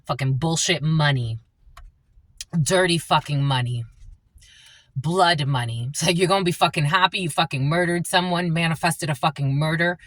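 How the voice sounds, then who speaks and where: A woman's voice: sits low, moderate pace, no room sound. A woman giving a tarot reading as a channeler, blunt and profane, laughing often.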